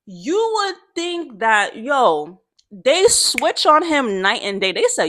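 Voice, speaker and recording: A woman's voice: mid-range voice, animated, measured pace, fairly bright tone. A young woman vlogger chatting casually, slangy, swearing freely and laughing often. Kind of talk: casual chat.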